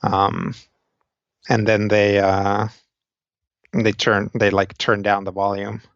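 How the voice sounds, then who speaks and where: A man's voice: lowish voice, completely flat delivery, slow pace, dry recording, lo-fi sound. A man narrating a tabletop game as game master, describing scenes in a loose, meandering way.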